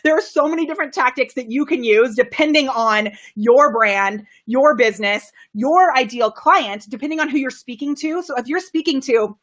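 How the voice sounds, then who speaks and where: An enthusiastic presentation coach hosts a live video stream at home, reading viewer comments out loud and laughing often. Her fairly bright voice moves at a moderate pace with few pauses, rising and falling in pitch and volume to model delivery tactics.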